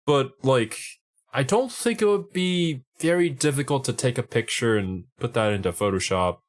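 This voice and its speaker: A man's voice: medium pitch, expressive, moderate pace. A man co-hosting a casual reaction chat, laid-back and wry. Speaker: co-host.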